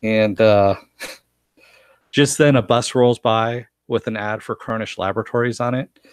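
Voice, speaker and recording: Low-voiced man recapping a show live. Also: fairly even intonation, measured pace, smooth, dry recording. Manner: chatty, laughs often while retelling scenes. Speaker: show reviewer.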